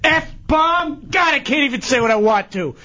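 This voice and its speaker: Male radio regular, very high bright voice, ranting and yelling, lo-fi sound. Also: animated, fast talker. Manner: angry, yelling taunts.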